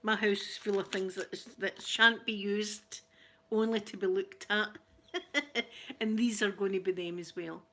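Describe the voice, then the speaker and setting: Scottish lady unboxing presents at home, gets all excited then goes soft, slow talker. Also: medium pitch, slight background noise. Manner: gushing, excitable, laughs often; mixes soft near-whispers with excited exclamations. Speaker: ASMR vlogger. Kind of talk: casual unboxing chat.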